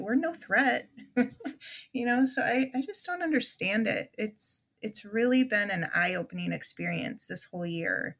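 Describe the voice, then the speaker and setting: A middle-aged woman with a gravelly, creaky edge to her voice tells a painful personal story as a podcast guest. She speaks with raw emotion, breaking off into restarts and acting out what others said to her. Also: on the high side, a little slow, fairly bright tone.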